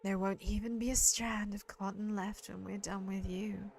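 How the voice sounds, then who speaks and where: A woman voicing a calm, eerie young man obsessed with hope in a game, speaking softly and in measured phrases. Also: mid-range voice, creaky, voice pushed down.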